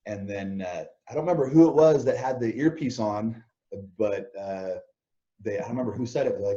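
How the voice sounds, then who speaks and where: Low guy with a mellow voice, chatty interview guest, dull lo-fi call audio. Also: a little fast. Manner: animated anecdotes, acts out quoted lines, chuckles often. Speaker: interview guest, former wrestler. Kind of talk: casual storytelling interview.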